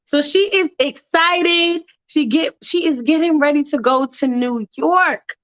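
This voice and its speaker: A high-voiced woman tells a story off the cuff, rambling and slangy with plenty of swearing. She talks straight to her listeners like friends. The recording sounds dull and lo-fi. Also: unhurried, hardly any pauses, fairly bright tone. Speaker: storyteller, podcast host. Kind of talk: casual improvised storytelling.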